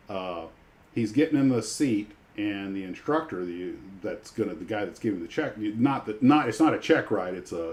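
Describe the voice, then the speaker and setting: A man's voice: fairly low pitch, a little mellow. A man, a retired pilot hosting a livestream, telling rambling stories full of restarts. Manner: rambling storyteller with many restarts. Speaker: livestream host. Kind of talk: casual chat.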